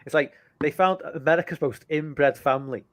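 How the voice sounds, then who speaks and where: A man's voice: fairly high pitch, normal speed. A man in casual podcast chat, curious and firing off one question after another.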